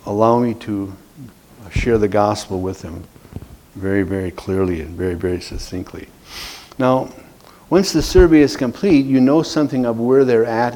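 Earnest man teaching a class, mellow voice. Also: mid-range voice. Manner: earnest, repeats words for emphasis. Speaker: evangelism trainer.

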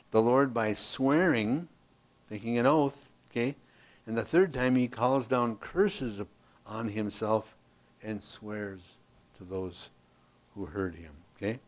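A man leads a Bible class using a handout, speaking in a lively, folksy way with playful asides. His volume swings between emphatic and hushed, and his voice sits in the mid range.

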